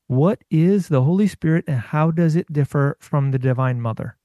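A man hosting a casual interview, reading listener questions aloud to his guest in a relaxed way. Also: fairly high pitch, normal speed, no room sound.

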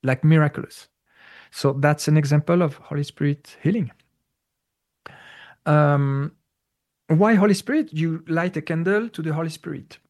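A man telling a spiritual story in a casual interview, halting and repeating words, with many fillers. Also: a little high, a little mellow.

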